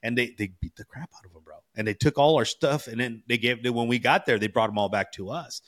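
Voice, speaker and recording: A man's voice: mid-range voice, fast talker. Laid-back storytelling man from California. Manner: animated storyteller, slangy with bro and you know. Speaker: podcast co-host. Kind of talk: casual chat.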